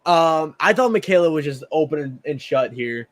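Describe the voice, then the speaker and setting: A man's voice: on the high side, lively intonation, moderate pace. Chatty Southern man co-hosting a podcast. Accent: Southern American. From American South. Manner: chatty, repeats words when starting sentences. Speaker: podcast co-host. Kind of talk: casual chat.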